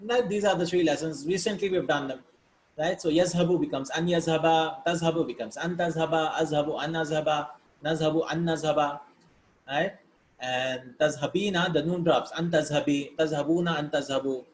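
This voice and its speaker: Man, teacher, patient classroom explaining, slightly high voice, roomy echo, faint background noise. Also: steady tone, fairly quick. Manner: explains patiently, checks in with "right?" and "hmm?". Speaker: Arabic teacher. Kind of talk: classroom grammar lesson.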